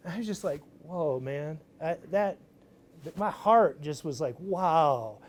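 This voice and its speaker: A man giving a casual, energetic talk to an audience at a live event, swearing freely as he tells his story. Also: on the high side, measured pace, breathy edge. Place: event stage.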